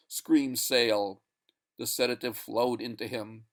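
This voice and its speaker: A man reading a short story aloud in a deliberate, expressive narration. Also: mid-range voice. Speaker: reader. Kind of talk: audiobook narration.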